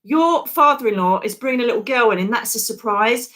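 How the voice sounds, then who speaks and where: A woman's voice: fairly high pitch, expressive, brisk, a bit bright. A woman hosting a livestream, giving psychic readings in a chatty manner and calling viewers darling. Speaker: psychic medium host. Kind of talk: live psychic reading chat.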